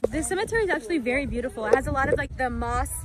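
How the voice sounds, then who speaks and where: A young woman vlogging outdoors in a cemetery, excitable and jumpy, with nervous laughs. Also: high-pitched, racing, a crowd in the background, poor audio. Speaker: paranormal vlogger. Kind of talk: casual vlog commentary. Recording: outdoor ambience and passing vehicles.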